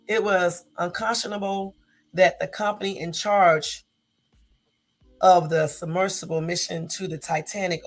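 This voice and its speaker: Gravelly-voiced woman reading the news. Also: on the low side. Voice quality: gravelly morning voice. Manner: reads aloud with self-corrections and asides. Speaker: news commentary vlogger. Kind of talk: casual reading and commenting on news.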